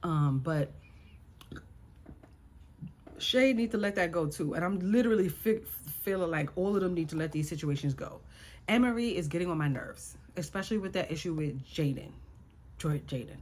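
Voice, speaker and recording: A woman's voice: on the low side, expressive, moderate pace, darkish tone. A woman recapping a reality show in casual chat, sassy and exasperated as she talks to her viewers.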